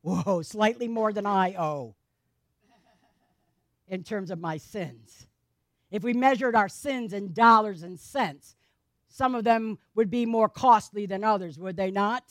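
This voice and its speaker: A woman's voice: medium pitch, measured pace, no room sound, studio quality. A woman preacher giving a sermon in a conversational way, questioning the congregation with playful asides.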